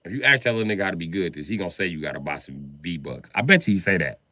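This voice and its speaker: A man's voice: deep voice, lively intonation, rapid-fire, pushed and bright, no room sound. A man in his forties chatting casually on a livestream, answering viewers with profane, slangy, joking banter. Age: 40s.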